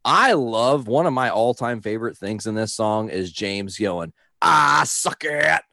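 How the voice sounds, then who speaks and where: A man's voice: on the low side, normal speed, a bit bright, dry recording, studio quality. A man giving enthusiastic opinions on a song in a casual podcast chat. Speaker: podcast co-host.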